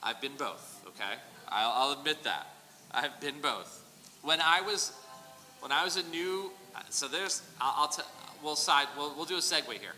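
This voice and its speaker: A man teaching a casual Bible study in a church hall, animated and digressive with joking asides. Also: fairly high pitch, normal speed, faint music behind. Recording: reverberant hall, faint noise.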